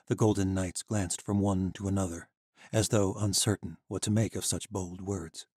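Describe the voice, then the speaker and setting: Male audiobook narrator, steady and even, warm and close-miked. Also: low voice, moderate pace, dry recording. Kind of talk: scripted narration.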